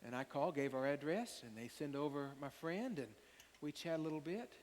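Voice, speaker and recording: An older man preaching a sermon as pastor, an animated storyteller who acts out the quotes. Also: fairly high pitch, normal speed. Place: church sanctuary. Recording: long hall reverb, faint hiss.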